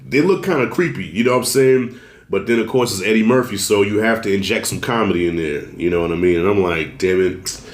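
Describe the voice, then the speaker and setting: Reviewing films casually from an echoey room, this man talks at a quick pace with a fairly low pitch. He's loose and conversational, swears, addresses viewers as y'all, and clears his throat as he fights off a cold.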